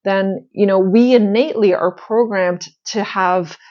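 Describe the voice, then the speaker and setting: A woman's voice: medium pitch, fairly even intonation, a little slow, darkish tone, muffled recording. A woman host telling a personal story in a casual, earnest way, with many fillers and restarts. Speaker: spiritual channel host.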